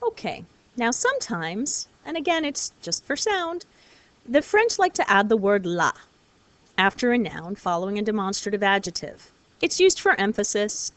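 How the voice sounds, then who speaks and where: A woman teaching a recorded lesson, explaining clearly and patiently, step by step. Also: mid-range voice, very animated, moderate pace, no echo. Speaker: French teacher.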